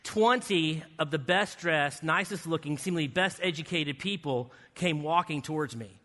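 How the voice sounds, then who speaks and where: A man giving a guest sermon in a church, telling a lively story with playful asides. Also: a little high, moderate pace. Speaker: guest speaker. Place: church sanctuary. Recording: reverberant church hall.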